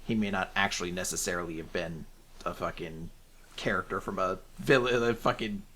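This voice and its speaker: Bright-voiced man, loose and sweary. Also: low-pitched, moderate pace, a little hiss or hum. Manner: casual, swears, mocks characters in exaggerated quotes. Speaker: podcast co-host. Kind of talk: casual chat recapping manga.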